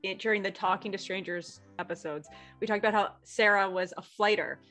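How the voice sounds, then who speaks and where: A woman's voice: mid-range voice, steady tone, fairly quick, a bit bright, faint music behind. A woman co-hosting a casual book club chat, making dry, teasing remarks.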